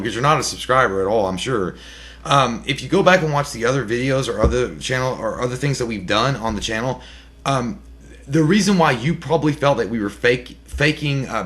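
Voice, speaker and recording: A man's voice: mid-range voice, fairly bright tone. A young man co-hosting a casual movie podcast, cursing freely and laughing as he trash-talks a critic. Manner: profane, laughing trash talk. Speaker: podcast co-host.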